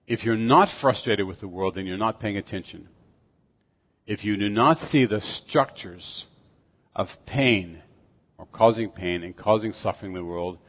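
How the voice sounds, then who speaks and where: An older man preaching a sermon, earnest and measured, with a fairly low voice. The sound is dull and lo-fi, and the voice trails off into a long reverb that fills the hall. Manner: earnest, measured, self-deprecating asides.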